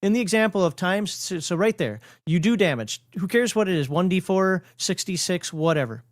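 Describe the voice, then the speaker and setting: A man's voice: high voice, dry recording, clean studio sound. A man with a Minnesotan accent hosting a casual livestream, explaining game rules while rambling, correcting himself and laughing often.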